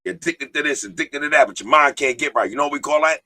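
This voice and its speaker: Man, stream host, preachy and profane, bright forceful voice, dry close sound. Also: on the high side, fast talker, dry recording. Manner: preachy, profane, reads viewer comments aloud. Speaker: podcast host. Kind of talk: casual live-stream talk.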